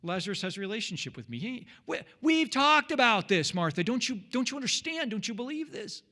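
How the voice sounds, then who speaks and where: A man's voice: high voice, big pitch swings, racing, bright, forceful tone, long reverb tail, voice pushed up, full character voice. A man voicing a patient, pleading male teacher of faith, coaxing and urgent as he retells a scene in a sermon.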